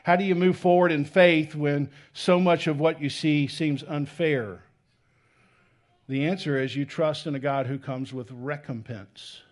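A man in his thirties preaching with real energy, his fairly high voice climbing on the big points. He drops to soft, intimate tones for the tender moments and then surges back up loudly. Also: measured pace. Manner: animated, swings between loud emphasis and soft intimate tones. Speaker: pastor. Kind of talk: sermon.

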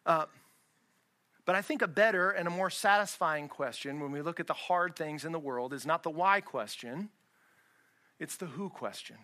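A man's voice: fairly high pitch, moderate pace, bright, forceful tone. A man pastor preaching a sermon in a church, conversational and full of rhetorical questions.

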